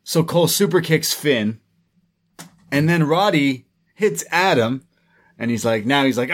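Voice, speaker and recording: A man co-hosting a podcast, recapping a wrestling show in a casual, animated way and slipping into voices for quotes. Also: medium pitch, moderate pace. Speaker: podcast co-host.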